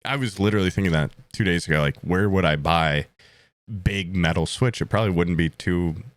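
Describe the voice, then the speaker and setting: A man's voice: low-pitched, fairly quick, no echo. A man co-hosting a casual podcast, cracking dry jokes and rambling through his thoughts. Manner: dry, joking asides and rambling musings. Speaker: podcast co-host.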